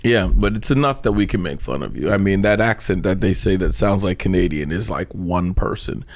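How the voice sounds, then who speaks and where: A man from Trinidad, a comedian guest, chatting casually, telling animated stories and laughing often. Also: low-pitched, brisk. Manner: animated storyteller, laughs often, breaks into mock voices. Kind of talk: casual interview chat.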